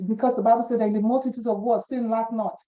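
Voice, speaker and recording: Animated woman teaching the Bible, lo-fi. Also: fairly high pitch, quick pace. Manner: animated, repeats phrases, acts out quoted voices. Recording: dull lo-fi recording.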